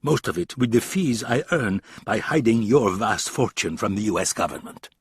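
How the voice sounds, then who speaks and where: A man's voice: lowish voice, lively intonation, normal speed, a little hiss or hum. A man voicing a fussy, proud male Swiss banker, speaking in an indignant, emphatic way.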